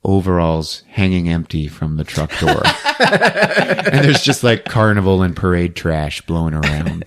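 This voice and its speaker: A man's voice: deep voice, big pitch swings, takes it slowly, pauses often, a bit bright. A man hosting a podcast, recapping a film in casual chat, laughing often and acting out the characters. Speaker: podcast host.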